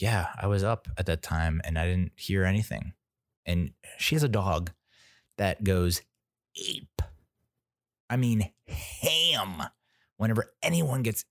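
Low-voiced rambling podcast man. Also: no echo, studio quality. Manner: rambling storytelling, acts out quoted voices, swears. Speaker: podcast host. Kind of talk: casual monologue.

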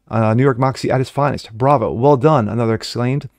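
A man's voice: medium pitch, fairly quick, a little mellow, dry recording. Man mocking the news in a dry voice. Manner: mocking asides, frequent fillers and self-corrections. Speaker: online political commentator. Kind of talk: reading news with personal commentary.

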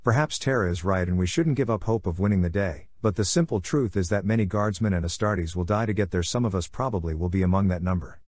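A commanding male inquisitor speaks firmly and with authority, voiced by a man reading a story. His voice sits low. The recording is dry. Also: quick pace, few pauses, darkish tone, no echo. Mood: stern. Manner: firm and authoritative.

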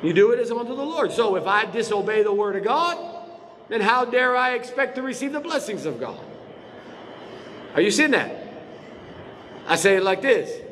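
A male pastor preaching in a church, his high voice swinging widely up and down. He presses his points with repeated rhetorical questions to the people in front of him. The sound carries a long reverberant church-hall tail over a faint ambient hiss. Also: big pitch swings, normal speed, long pauses, a bit bright. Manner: emphatic preaching with frequent rhetorical questions to the congregation. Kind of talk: sermon. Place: church sanctuary.

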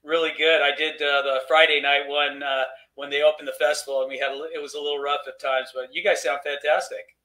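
A man's voice: fairly high pitch, flat delivery, fast talker, few pauses, pushed and bright. A man, a screenwriter guest on a video call, talking in a friendly, easygoing way with hesitant fillers. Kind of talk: casual interview chat.

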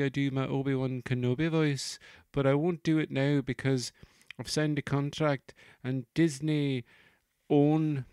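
A man's voice: mid-range voice, a little mellow, clean tone, no echo, studio quality, voice pushed up, natural voice. A man putting on the voice of a chatty male film star promoting his new series in a breezy, self-satisfied way.

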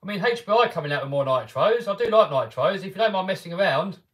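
English guy chatting on a live stream, bit higher voice, upbeat, lots of uh and I mean. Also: lively intonation, fast, a bit bright. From England. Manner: chatty and upbeat, with many restarts and fillers. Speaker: RC car YouTuber hosting a live stream. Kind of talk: casual live-stream chat answering viewers.

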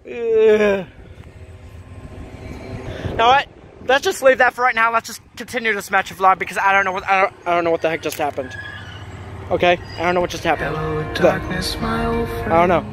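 A man's voice: high voice, steady tone, brisk, pauses often, fairly bright tone, faint music behind. A young man filming a train-spotting vlog by the tracks, talking frantically and repeating himself. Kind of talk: excited vlog commentary. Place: outdoors by railway tracks.

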